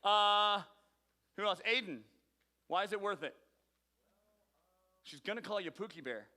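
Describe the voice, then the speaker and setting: A man's voice: high voice, lively intonation, unhurried, pushed and bright. A man leading a youth group game, calling on teens by name with playful teasing. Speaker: youth pastor. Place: large hall with audience. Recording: long reverb from a large hall.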